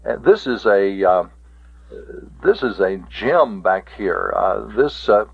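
A man teaching a Greek grammar lesson on tape, slow and deliberate, stopping to spell out word forms. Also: on the low side, animated, gravelly, breathy edge. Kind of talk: recorded taped lecture. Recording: tinny lo-fi tape.

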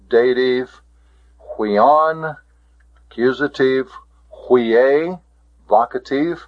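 A man teaching a Greek grammar lesson, speaking deliberately and repeating key terms for his students. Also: medium pitch. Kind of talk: classroom lecture. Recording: dull lo-fi lecture recording.

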